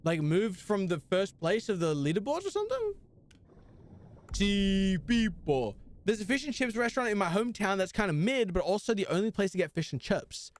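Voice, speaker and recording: A man's voice: sits high, sing-song, moderate pace, slight background noise. A young man live-streaming a video game, chatting casually and answering his chat with slang.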